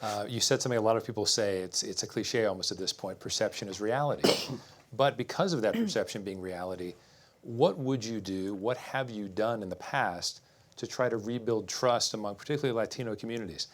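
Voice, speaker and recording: A man's voice: on the low side, animated, fairly quick, slight background noise. A man moderating a political debate, asking direct follow-up questions to candidates.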